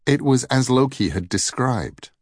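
A man narrating a myth as a storybook reading in an unhurried, expressive way. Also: mid-range voice, no room sound, studio quality.

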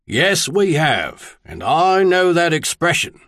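A man's voice: on the high side, big pitch swings, takes it slowly, a bit bright, dry recording, studio quality, pitched above the performer's own voice, full character voice. A man reading the part of a wry, shrewd older male spymaster baron in an audiobook. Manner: wry, probing questions.

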